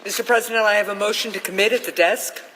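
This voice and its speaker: Woman senator, formal floor speech, measured and urgent, long chamber reverb. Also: medium pitch, fairly even intonation, a bit bright, slight background noise. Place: large legislative chamber.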